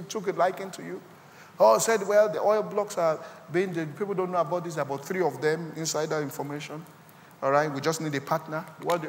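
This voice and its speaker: A man with a Nigerian accent preaching a sermon as pastor, swinging from quiet asides to loud, rising exclamations. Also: fairly high pitch, brisk, long reverb tail, a little hiss or hum. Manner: preaching with sudden loud rises and quiet drops.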